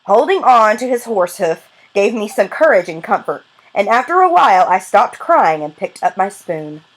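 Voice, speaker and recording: Woman, audiobook narration, lively pitch, earnest storytelling. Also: normal speed.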